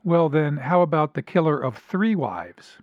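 Man, fairly high voice, measured dramatic reading, dry dull sound. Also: very animated, no echo, faint music behind. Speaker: podcast host. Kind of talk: reading aloud and discussing a story.

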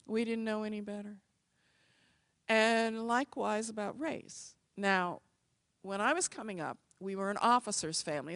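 A woman from the United States telling personal stories in an expressive, animated manner. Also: medium pitch, gravelly, dry recording. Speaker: speaker. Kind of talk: personal storytelling talk.

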